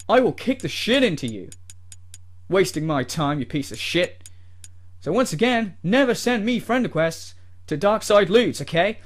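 A man doing a parody rant as a smug, whiny male gamer YouTuber who sneers and swears at his fans. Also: high-pitched.

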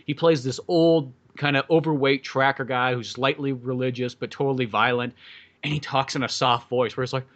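Man, movie podcast co-host, bright tone, loose and swearing, acts out quotes. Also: mid-range voice, fairly even intonation, normal speed, lo-fi sound. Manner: rambling, profane, lots of fillers, acts out quoted lines. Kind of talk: casual movie review chat.

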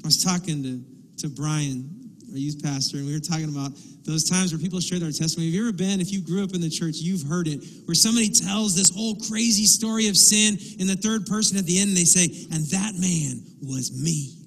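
Animated high-voiced man preaching. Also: fast, in a large hall, poor audio. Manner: animated, acts out quotes and asides. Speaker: pastor. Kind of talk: sermon. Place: church sanctuary.

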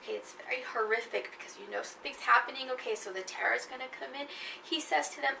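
A woman lectures on literature, often pausing to check in with her class. Her voice is gravelly and bright. It is picked up from a distance in a room with a lot of echo. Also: high voice, a little hiss or hum. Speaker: literature teacher. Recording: echoey room, mic at a distance.

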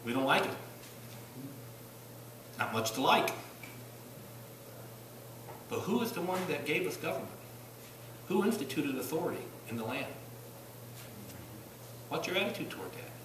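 A man preaching a sermon in a church, asking rhetorical questions, rising to loud bursts and dropping low. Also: very animated, moderate pace, pauses often, background noise. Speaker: pastor. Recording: echoey church room from a distance.

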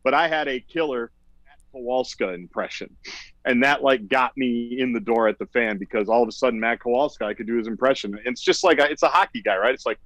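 A man's voice: medium pitch, a little fast, fairly bright tone, dry recording, lo-fi sound. A man in his forties, a sports radio host appearing as a guest, chatting casually and rambling with lots of "like". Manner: rambling, full of "like". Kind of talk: casual podcast chat.

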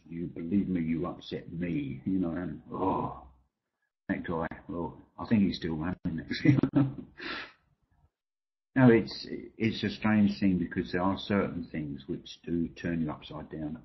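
Older male co-host, very low voice, chatty storyteller with a ready laugh, muffled lo-fi recording. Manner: chuckling, storytelling. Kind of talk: casual chat. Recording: dull lo-fi sound.

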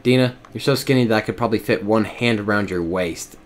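A man's voice: lowish voice, quick pace, voice pushed down, natural voice. A man reading the lines of an easygoing friend who admires and teases his partner. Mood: teasing.

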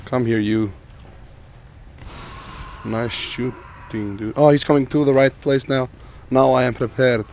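A man with a sore throat giving jokey, excitable commentary while playing a shooter game. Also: mid-range voice, measured pace, pauses often, slight background noise. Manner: jokey, excitable, talks to teammates and himself. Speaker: gamer. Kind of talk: gameplay commentary.

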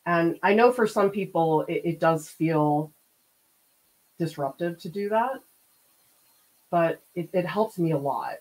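A woman's voice: fairly low pitch, slow pace, pauses often, darkish tone, low-quality recording. A woman art teacher chats away during a live painting stream. Her talk is casual and easygoing, with frequent laughs and comments to her viewers. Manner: chatty, laughs often, reads out viewer comments. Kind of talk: casual livestream chat while painting.

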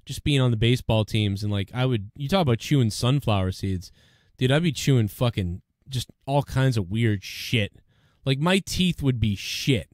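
A man's voice: medium pitch, no room sound, studio quality. A man with a Boston accent hosting a casual podcast chat, rambling and swearing freely. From Boston area, USA. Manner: profane, rambling, excitable. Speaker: show host.

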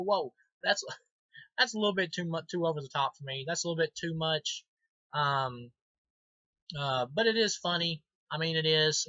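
A man's voice: on the high side, sharp tone, no echo, dull audio. A man giving a casual movie review, enthusiastic and rambling, with many ums and restarts. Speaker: film reviewer.

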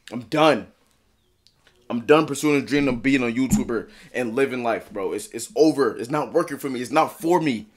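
A young man in his twenties, a content creator, ranting in a distraught vlog that swings from low muttering to loud shouting. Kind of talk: emotional vlog rant.

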